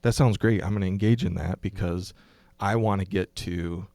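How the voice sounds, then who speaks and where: This is a middle-aged man with a very deep, low voice, speaking as a pastor guest on a podcast. He explains slowly and thoughtfully, restarting phrases and filling pauses with ums. The sound is close and dry, with no room around it. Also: steady tone, gravelly, a little mellow, no room sound. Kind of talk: casual podcast conversation.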